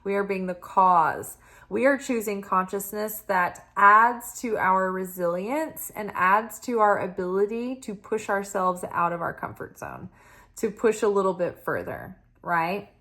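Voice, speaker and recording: A woman's voice: medium pitch, expressive, unhurried, sharp tone. A woman giving a casual spoken tarot reading, earnest and musing, often checking in with "right?" and "you know.". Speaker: tarot reader.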